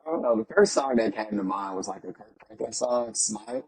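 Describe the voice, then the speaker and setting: Upbeat guy guest, gravelly rough voice, swings up and down a lot. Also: medium pitch, brisk, crowd noise, rough recording. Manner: upbeat and animated, repeats himself. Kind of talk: casual chat.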